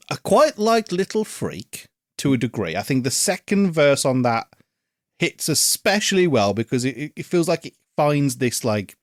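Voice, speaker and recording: A man's voice: medium pitch, no room sound, clean studio sound. A man co-hosting a podcast, giving thoughtful casual opinions on an album, hedging with ums and restarts and swearing now and then. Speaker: podcast co-host. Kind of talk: casual music review chat.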